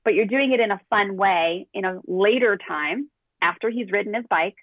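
A woman's voice: mid-range voice, moderate pace, no room sound. Middle-aged woman parenting coach, candid storyteller, dry thin phone-line sound. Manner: candid, animated, acts out quotes. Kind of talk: podcast conversation, storytelling.

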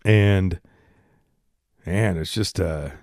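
A man's voice: low voice, extremely slow, darkish tone, no echo, studio quality. A man hosting a podcast alone from his garage, talking casually and candidly into a handheld microphone, a bit congested and rambling. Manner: rambling, candid and self-deprecating. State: congested, coughing and burping. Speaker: podcast host. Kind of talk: casual solo podcast monologue. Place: home garage.

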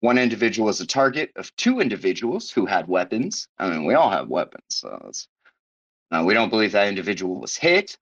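A man's voice: on the low side, sing-song, brisk, a bit bright. A man hosting a podcast in casual chat, sarcastic and profane, riffing loosely as he reads news aloud. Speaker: podcast host. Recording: dull lo-fi podcast audio.

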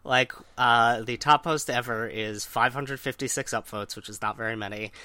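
A man's voice: medium pitch, fairly even intonation, normal speed, sharp tone, no echo. A man chatting casually on a podcast, hesitant with lots of fillers and dry humor. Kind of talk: casual chat.

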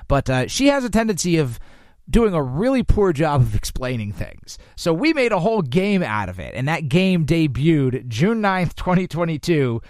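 A man's voice: fairly high pitch, sing-song, normal speed, a little mellow, dry recording, clean studio sound. A man hosting a podcast in upbeat, playful casual chat. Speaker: podcast host.

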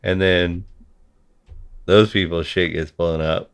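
A man's voice: low voice, little pitch movement, slow pace, pauses often, smooth. A man in a heated conversation, talking bluntly and swearing freely as he rants. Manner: blunt, profane ranting.

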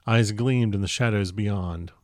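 A man with a fairly low voice reads a story aloud, steady and unhurried. The recording is close and dry, with no room sound. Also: no room sound. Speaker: podcast host and narrator.

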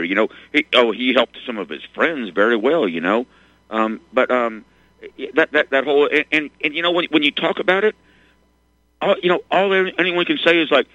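A man of middling pitch co-hosting a political radio chat, stumbling over repeated words in an exasperated, rambling way. His voice comes through a dull, lo-fi line with a dry, close sound. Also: a little fast, a bit bright, no room sound. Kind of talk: casual political talk radio.

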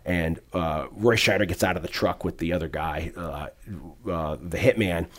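A man talks through a film in loose, casual podcast chat. His voice sits fairly low, and he rambles animatedly, stacking fillers and restarts as he goes. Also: steady tone, normal speed, a bit bright.

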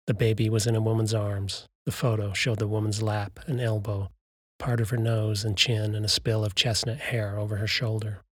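A man narrating a story in a steady, even storytelling voice. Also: fairly low pitch, moderate pace, breathy edge, no room sound, clean studio sound. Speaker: audiobook narrator. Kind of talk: scripted narration.

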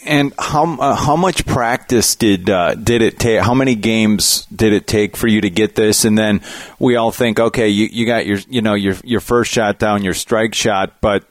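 A man's voice: lowish voice, moderate pace, hardly any pauses, no room sound. A man hosting a podcast, introducing a guest and asking loose questions with a few restarts. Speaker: podcast host. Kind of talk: interview hosting.

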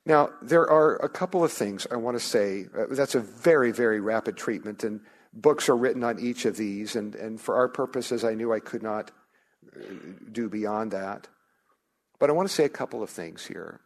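A man's voice: fairly low pitch, moderate pace. A man preaching a sermon as a pastor, earnest, often restarting his sentences and lifting his voice on key phrases.

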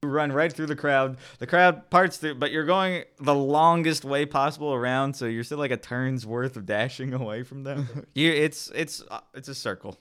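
A man narrating as game master, improvising scenes in a lively, quick way. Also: mid-range voice, smooth.

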